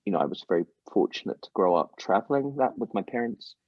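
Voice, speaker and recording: A middle-aged man with an English accent, a musician guest telling stories with animated voice jumps. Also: quick pace, no room sound, highs cut off. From England. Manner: animated storyteller, mimics voices with big pitch jumps. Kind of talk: casual interview over a call.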